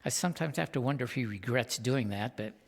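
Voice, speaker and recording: A man, a guest minister, preaching a sermon. He swings from hushed whispers to loud, emphatic lines and puts questions straight to the congregation. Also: mid-range voice, fast, vocal fry. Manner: talks directly to the congregation with questions. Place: spiritual center sanctuary. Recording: long hall reverb.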